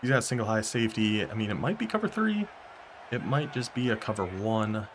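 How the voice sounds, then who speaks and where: A young man commentating his own football video game as he plays, talking to himself and reacting with sudden excitement and frustration. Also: on the low side, slight background noise. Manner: talks to himself while playing, quick bursts of excitement and frustration. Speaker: gaming YouTuber. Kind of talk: live gameplay commentary.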